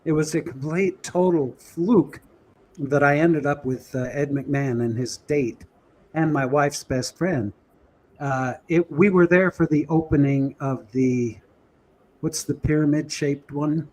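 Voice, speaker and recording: A man recounting a story as a guest, animated and chuckling as he goes. His voice sits slightly higher than most men's. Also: a little slow. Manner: lively, chuckling, breathless storytelling. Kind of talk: animated anecdote telling.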